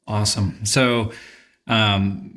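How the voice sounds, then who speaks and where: A man hosting a casual interview, asking eager questions and filling pauses with "like" and "you know". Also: lowish voice, little pitch movement, fairly bright tone. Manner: eager questions, frequent likes and fillers. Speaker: podcast host.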